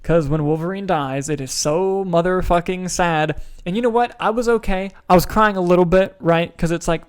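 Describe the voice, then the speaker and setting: Young male podcast co-host, excitable and emotional, fairly high voice. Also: moderate pace, clear, resonant tone. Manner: excitable, swearing, emotional swings in pitch. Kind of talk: casual chat.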